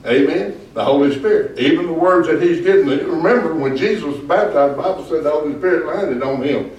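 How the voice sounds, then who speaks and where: A male pastor teaching a Bible study, his voice a touch higher than most men's. He preaches emphatically and keeps calling on the group for "Amen?" replies. The sound is very echoey and picked up from far off. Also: fairly quick, darkish tone. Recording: echoey room, far from mic.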